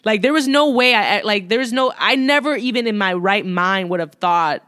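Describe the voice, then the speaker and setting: A woman's voice: mid-range voice, moderate pace, clear, resonant tone, no echo, studio quality. A young woman hosting a podcast, telling a story in casual chat, cursing often and laughing freely. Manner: profane, animated storytelling with frequent laughter. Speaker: podcast host.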